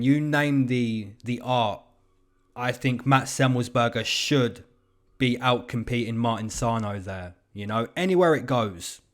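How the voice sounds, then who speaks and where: A young man hosting his own show, giving casual, slangy fight predictions and betting numbers. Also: medium pitch. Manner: chatty, slangy, hedging with "you know" and "man". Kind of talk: casual commentary.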